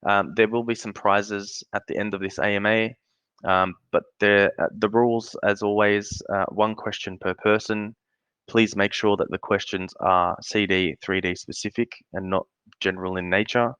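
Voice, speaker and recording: A man's voice: fairly low pitch, level tone, normal speed, fairly bright tone, clear, resonant tone, no room sound. Laid-back Australian man hosting a Q&A. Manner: laid-back, chatty, friendly. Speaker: AMA host. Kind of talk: casual live-stream Q&A hosting. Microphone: video call. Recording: dull lo-fi video call audio.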